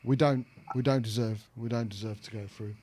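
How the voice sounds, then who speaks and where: A man's voice: medium pitch, fairly even intonation, brisk, darkish tone, slight background noise. A man hosting a football fan show, chatting casually, asking questions and keeping the talk moving. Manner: chatty, asks questions and keeps things moving.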